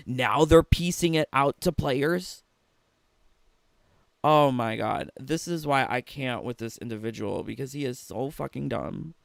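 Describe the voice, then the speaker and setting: A man's voice: medium pitch, measured pace, gravelly, no room sound, clean studio sound. A man giving profane, mocking reaction commentary on a gaming video, laughing often and swearing freely.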